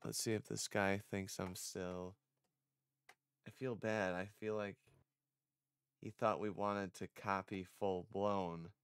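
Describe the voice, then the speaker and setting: A man's voice: sits low, flat delivery, slow pace, pauses often, fairly bright tone, clean tone, no echo. A man streaming casually, rambling and self-conscious, a little congested. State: slightly congested. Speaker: vtuber streamer.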